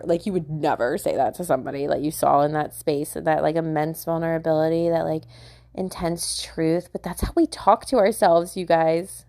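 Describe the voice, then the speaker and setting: A young woman hosts her own podcast in a loose, chatty monologue, full of "like" fillers and casual swearing. Her voice sits a little low for a woman. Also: fairly even intonation, moderate pace, vocal fry, mellow. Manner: chatty, filler-heavy, swearing, laughing often. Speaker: podcast host.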